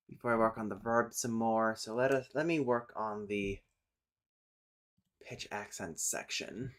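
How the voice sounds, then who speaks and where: A man's voice: medium pitch, clear, resonant tone. A man streaming live, chatting casually and thinking aloud as he explains language topics. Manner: thinks aloud, pauses and restarts, sudden loud calls to his cat. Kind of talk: casual livestream chat and explanation.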